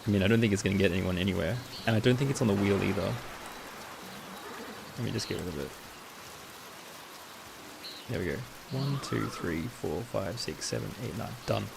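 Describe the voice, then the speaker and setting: Gravelly low-voiced male streamer. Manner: chatty, answering chat with quick asides. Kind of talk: casual live-stream chat. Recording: steady rain noise behind.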